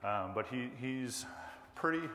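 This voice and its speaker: A man's voice: medium pitch, animated, takes it slowly, in a large hall, slight background noise. A man running a sound check on stage, counting into the microphone and walking through the event's run of show. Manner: counting into the mic, demonstrating loud and soft speech. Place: large event hall with a stage.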